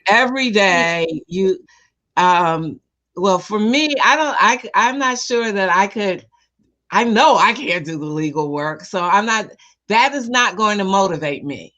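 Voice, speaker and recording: A woman hosts an interview and poses her questions in a loose, halting way, restarting as she goes. Her voice has a middle pitch. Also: lively intonation, a bit bright. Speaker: host. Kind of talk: interview conversation.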